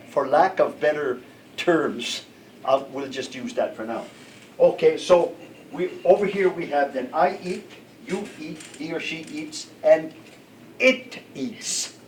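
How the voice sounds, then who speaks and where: An older male language teacher speaks in a fairly high, animated voice without hurrying, patiently checking in with his classroom of students. The mic sits at a distance and catches faint room noise.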